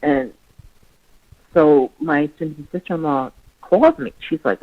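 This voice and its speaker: A woman's voice: low-pitched, very animated, normal speed. Rambling woman on dull lo-fi audio. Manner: rambling, heavy with "you know" fillers. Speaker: guest, relative of the missing child's mother. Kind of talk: conversational storytelling.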